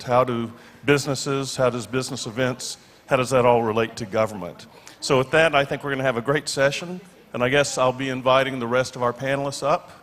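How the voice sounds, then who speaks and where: A man's voice: mid-range voice, fairly bright tone. A man moderating a conference panel, talking with many fillers and restarts. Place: large conference hall. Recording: echoey conference hall PA.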